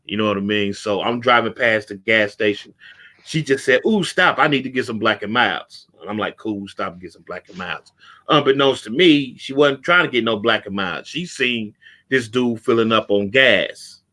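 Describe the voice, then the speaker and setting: A man's voice: fairly low pitch, normal speed, sharp tone. Guy hosting a talk show, telling a wild street story, acts out all the quotes. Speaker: podcast host. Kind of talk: casual storytelling chat.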